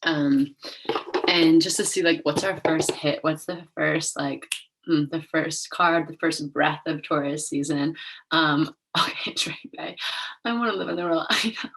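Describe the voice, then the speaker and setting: A woman's voice: low-pitched, a little slow, creaky, fairly bright tone, a little hiss or hum. A young woman hosting her own show in a casual, rambling way, leaning on "like", openly emotional and laughing at herself. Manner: chatty, rambling, heavy use of "like". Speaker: host. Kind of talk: casual solo show chat.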